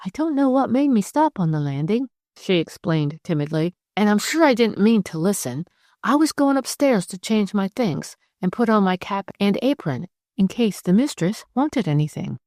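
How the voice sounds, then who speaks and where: A timid young Victorian housemaid , as a woman voices her, speaks earnestly in a lifted, higher voice. Her telling is nervous but sincere. The recording is dry and close. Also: very animated, moderate pace, a little mellow, dry recording, lightly acted.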